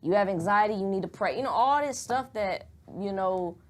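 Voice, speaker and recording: A woman's voice: medium pitch, normal speed. A young woman, talking candidly and at rambling length in a casual podcast chat, swearing freely. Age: young adult.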